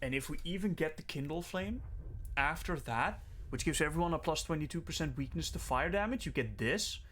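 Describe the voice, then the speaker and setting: Excitable man casually narrating his gameplay. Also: on the high side, brisk, a little hiss or hum. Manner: excitable, swears freely, thinks aloud. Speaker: gaming streamer. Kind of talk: casual let's-play commentary.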